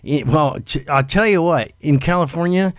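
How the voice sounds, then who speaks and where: A man's voice: fairly high pitch, moderate pace, no echo, studio quality. A middle-aged man hosting a live talk show in a loose, swearing manner, laughing often. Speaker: host. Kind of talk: casual live commentary.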